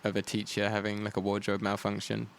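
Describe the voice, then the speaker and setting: A man's voice: lowish voice, completely flat delivery, fairly quick, creaky, clear, resonant tone. A young man co-hosting a podcast, wry and playful, fond of old-fashioned exclamations. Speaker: podcast co-host. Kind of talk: casual chat.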